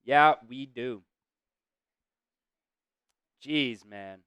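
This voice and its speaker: A man hosting a live stream, calling plays casually, reacting loudly, swearing and talking to his chat. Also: mid-range voice, drawn-out words, clear, resonant tone, no room sound, highs cut off. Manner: excitable, swears, talks to chat. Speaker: host doing live play-by-play.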